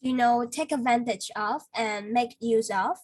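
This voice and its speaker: A woman with a husky, slightly high voice gives a patient one-on-one vocabulary lesson. She talks slowly, leaning on fillers as she explains words. The recording is close and dry. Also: no echo, low-quality recording. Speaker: English teacher.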